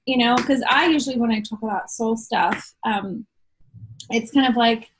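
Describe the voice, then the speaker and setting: A woman's voice: a little high, moderate pace, background noise. A woman host asking rambling, chatty questions in an interview. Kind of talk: conversational interview.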